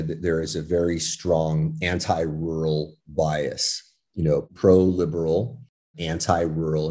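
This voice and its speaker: A deep-voiced American man speaks as a podcast guest, with a mellow, warm tone. He talks in a loose, casual way, full of "you know" and "right", and tells personal stories with lively energy. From California, United States. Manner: animated storyteller, frequent fillers. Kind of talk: casual conversation.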